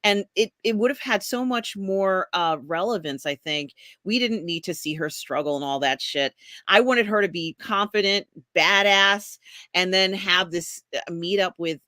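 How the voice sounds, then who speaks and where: Bright-voiced woman, dry close sound. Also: mid-range voice, a little slow, no echo. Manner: rambling, many ums, reads out viewer comments. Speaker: podcast host reading chat. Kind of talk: casual chat.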